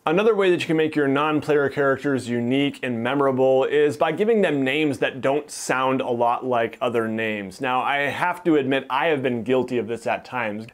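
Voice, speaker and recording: An easygoing male host talks casually through tips for running tabletop games. He has a mid-range voice and a self-deprecating manner, with the odd "uh" as he thinks aloud. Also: medium pitch. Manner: easygoing, self-deprecating, chatty with occasional "uh" fillers. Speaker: dungeon master and channel host. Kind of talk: casual instructional talk to camera.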